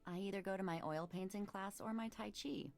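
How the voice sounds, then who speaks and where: An actress playing a sharp-tongued young woman in her twenties who works at a bookshop, trading dry, sarcastic put-downs in a voiced adventure game. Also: medium pitch, fairly quick, creaky, soft background music, lightly acted. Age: 20s. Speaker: game character.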